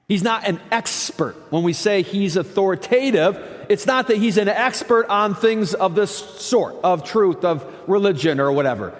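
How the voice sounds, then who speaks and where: A pastor delivers his sermon in a high, emphatic voice, breaking often into casual asides to the congregation. His words ring out with a long reverb from the church hall around him. He moves between plain talk and stressed, declarative lines. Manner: conversational, emphatic, with many asides.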